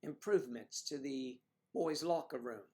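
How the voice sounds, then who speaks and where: A man hosting a casual livestream, talking at an ordinary middle pitch. He chats loosely, teases his viewers and keeps dropping jokey asides. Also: measured pace, darkish tone. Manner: chatty, teasing, jokey asides. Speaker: livestream host. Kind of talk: casual chat reading viewer comments.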